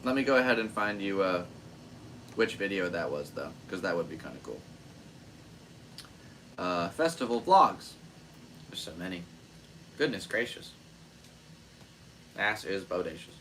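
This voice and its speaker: A young man with a somewhat low voice hosts his podcast solo. He rambles through stories in an excitable, self-deprecating way, with a faint hum of background noise behind him. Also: measured pace, long pauses, low-quality recording. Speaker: podcast host.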